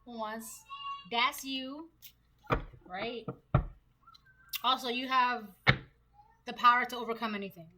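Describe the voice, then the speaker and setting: A woman's voice: on the high side, slow pace, pauses often, sharp tone. A woman giving a casual tarot reading, chatty and slangy, often laughing between points. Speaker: tarot reader.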